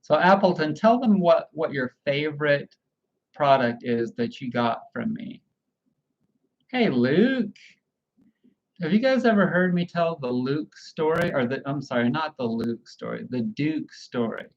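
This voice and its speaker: A man's voice: on the high side, lively intonation, a little slow, lo-fi sound. A man hosting a casual livestream, rambling and chatting directly with his viewers. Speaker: livestream host.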